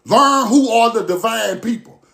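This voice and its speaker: A man delivers a passionate, profane monologue straight to his listeners. His voice sits high, and he keeps circling back to the same phrases. He moves from forceful outbursts to low, muttered stretches. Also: measured pace, vocal fry. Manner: forceful, repetitive, profane, swings from loud to low. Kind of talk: impassioned monologue to camera.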